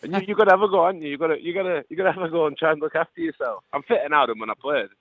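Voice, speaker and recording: A man's voice: a little high, very fast, no echo. A man in his late thirties with a Lancashire accent, a guest chatting on a radio show, jokey and prone to repeating words. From England. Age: 30s. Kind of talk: casual radio chat. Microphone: phone. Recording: tinny phone line.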